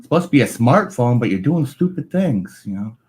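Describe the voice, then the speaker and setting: A man's voice: mid-range voice, sing-song, brisk, darkish tone, husky. A man chatting casually as a guest on a live stream, rambling with lots of filler phrases into a large microphone. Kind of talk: casual chat. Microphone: large studio microphone.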